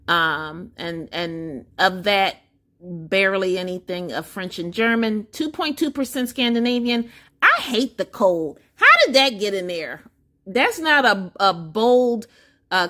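A woman's voice: medium pitch, fairly bright tone. Chatty woman reading results aloud. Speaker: vlogger. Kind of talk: casual chat to camera.

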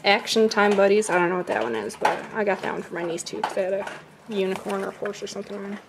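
A woman's voice: medium pitch, flat delivery, creaky, noisy background. A woman vlogging casually at home, chatting while she unboxes and reads out comic titles. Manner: chatty, slow when reading titles.

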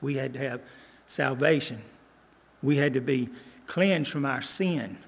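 Gravelly preacher in a church. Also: male voice, mid-range voice. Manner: earnest, repeats phrases, slows for emphasis. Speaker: guest preacher. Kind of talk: sermon. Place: church sanctuary. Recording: long church reverb.

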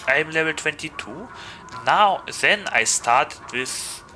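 A male game streamer with a German accent talks to his viewers in a loose, joking way. His voice sits a bit high and sounds very bright, and his pitch jumps around a lot. Faint music plays underneath. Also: lively intonation, slow pace, poor audio. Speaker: VTuber streamer. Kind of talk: gaming livestream chat.

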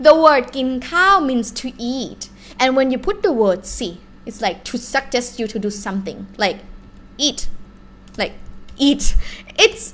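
A young woman with a Thai accent teaching a live-streamed language lesson in a chatty, animated way. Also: sits high.

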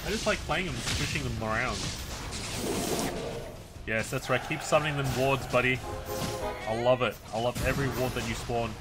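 A man's voice: medium pitch, moderate pace, long pauses. A man giving casual, teasing gameplay commentary while joking with his family. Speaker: gaming video creator. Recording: game music behind the voice.

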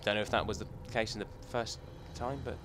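A man's voice: lowish voice, steady tone, a little fast, background noise. A man hosting a gaming channel, chatting and joking casually as he thinks aloud through gameplay commentary.

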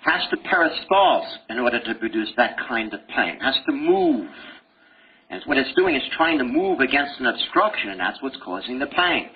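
A man's voice: medium pitch, moderate pace, slightly rough. A middle-aged man giving a live medical lecture, joking and telling stories to his students in a lecture hall. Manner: animated, jokey storytelling with laughs. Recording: dull lo-fi lecture-hall recording with faint hiss.

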